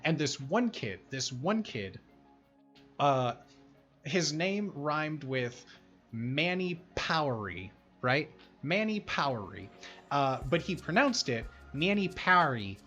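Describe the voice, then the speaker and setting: A man's voice: a little high, takes it slowly, muffled recording, faint music behind. Rambling young man. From Chicago. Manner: rambling, filler-heavy, excitable. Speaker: stream host interviewing a guest. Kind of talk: casual chat.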